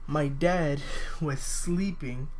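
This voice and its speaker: A young man telling a personal story in a halting, hesitant way, full of fillers, now and then jumping to a higher voice to quote people. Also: a little hiss or hum. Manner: acts out quoted voices with sudden high pitch.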